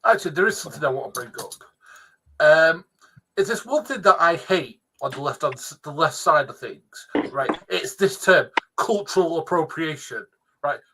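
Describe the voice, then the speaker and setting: Bright, ranting sweary man. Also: fairly high pitch, lively intonation, normal speed, slight background noise. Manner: ranting, sweary, keeps asking "right?". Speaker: podcast co-host. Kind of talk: casual podcast banter.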